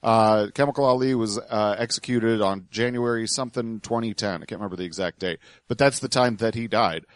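A man's voice: on the low side, brisk, hardly any pauses, dry recording. A man co-hosting a podcast, giving sardonic, dismissive commentary on clips. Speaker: podcast co-host.

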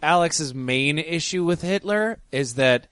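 A man trades sarcastic, exasperated quips as a podcast co-host. His voice sits fairly high and jumps around animatedly. It is recorded dry and close. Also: expressive, a little slow, fairly bright tone, clean tone, dry recording. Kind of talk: casual banter.

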